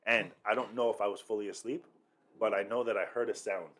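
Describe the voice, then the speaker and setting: A man's voice: fairly low pitch, fairly even intonation, fairly bright tone. A Canadian man telling stories in a casual podcast chat, rambling loosely with lots of "like". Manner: laid-back, quick rambling with lots of "like". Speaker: podcast co-host.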